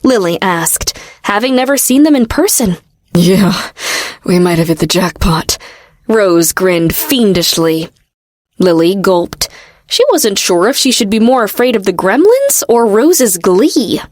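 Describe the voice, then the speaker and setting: A woman reading a fantasy novel aloud with steady, expressive storytelling. Her voice sits at an ordinary middle pitch. The recording is dry and close, with no room sound. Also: measured pace, dry recording. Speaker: audiobook narrator. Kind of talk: scripted narration.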